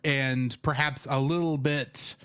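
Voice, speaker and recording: A man co-hosting a casual film review podcast, teasing his co-host in a wry, deadpan way. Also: medium pitch, takes it slowly, clean tone.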